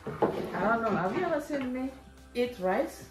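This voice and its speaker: A woman's voice: on the high side, lively intonation, measured pace, over music. A woman from Kenya, chatting casually in a rambling vlog from her home kitchen. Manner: chatty, rambling, repeats herself. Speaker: vlogger. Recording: echoey room.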